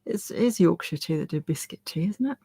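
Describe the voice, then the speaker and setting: A woman's voice: lowish voice, expressive, a little fast, warm tone, husky, no echo, studio quality. A woman co-hosting a live stream, easygoing and laughing often as she reads viewer messages. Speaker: co-host reading out viewer messages. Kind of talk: casual live chat.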